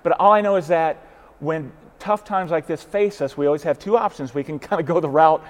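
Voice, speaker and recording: Man, co-host of a faith talk, higher-pitched, earnest, stumbles into sentences with repeated words. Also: a little fast. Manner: earnest, often repeats words as he starts a thought. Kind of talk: casual faith discussion.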